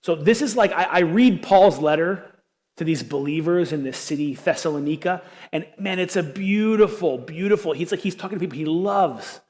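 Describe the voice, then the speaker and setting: A male pastor preaching a sermon in an earnest, animated way, with self-deprecating asides. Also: a little high, normal speed. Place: church auditorium. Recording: long reverb of a church hall.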